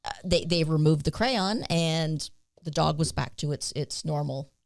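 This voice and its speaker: Woman, lower voice, podcast co-host, halting anecdotal delivery, dry sound. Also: creaky, a little mellow, no echo. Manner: hesitant, many fillers, emphatic yeses. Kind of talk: casual podcast conversation.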